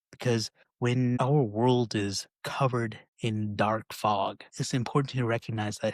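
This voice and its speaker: A man's voice: fairly low pitch, steady tone, moderate pace, no room sound. A man hosting a podcast, chatting casually and often checking in with "right?". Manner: conversational, frequent "right?" tags. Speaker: podcast host.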